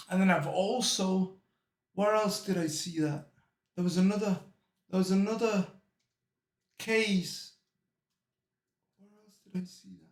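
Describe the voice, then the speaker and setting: A man's voice: high-pitched, fairly even intonation, normal speed, pauses often, reverberant. A young man chatting casually while reacting to a video, telling rambling stories, laughing often and calling the listener bro. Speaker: reaction streamer. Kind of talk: casual chat.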